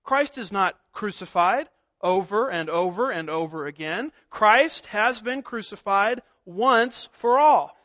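A man preaching an expository sermon, deliberate and emphatic, repeating key words. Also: high voice, animated, sharp tone, dry recording, dull audio. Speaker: pastor.

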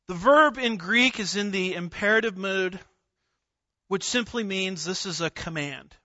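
Male preacher, high-pitched and unhurried, punchy word-by-word emphasis, dull lo-fi recording. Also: pushed and bright, no echo. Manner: emphatic, deliberate, stresses single words. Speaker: pastor. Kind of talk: expository sermon.

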